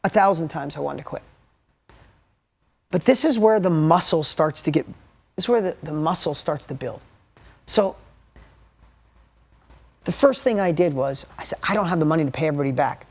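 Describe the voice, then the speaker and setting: A man's voice: on the high side, lively intonation, moderate pace, vocal fry, long pauses. A man delivers a motivational storytelling talk to an audience. He speaks candidly and bluntly, swears casually, and lets his emotion show. He keeps urging his listeners to take notes.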